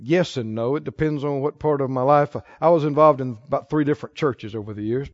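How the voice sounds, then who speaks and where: A man preaching a sermon, telling stories with big swings from quiet asides to near-shouts. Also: medium pitch, brisk, dull audio.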